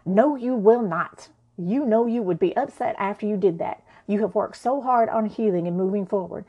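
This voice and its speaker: A woman voicing a patient adult woman friend who talks calmly and reassuringly. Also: mid-range voice, normal speed, highs cut off, natural voice. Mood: calm, soothing. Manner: calm and reassuring.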